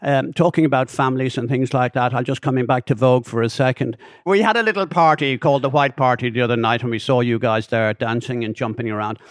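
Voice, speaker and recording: An older man with an Irish accent, co-hosting a podcast in a rambling, animated chat. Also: mid-range voice, quick pace, few pauses. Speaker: podcast co-host. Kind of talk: casual chat.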